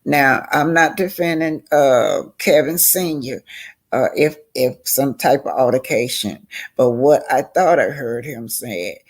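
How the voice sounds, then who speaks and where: Slow, gravelly older woman commenting. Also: a bass voice. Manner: chatty, emphatic, drawls and stretches words. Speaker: reality TV commentator. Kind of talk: casual commentary.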